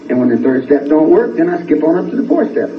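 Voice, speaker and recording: Interviewee, male, rambling and animated, old phone-thin, echoey archive tape. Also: fast talker, recorded from a distance, muffled recording, slight background noise. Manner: rambling, swings from low drawl to high heated outbursts.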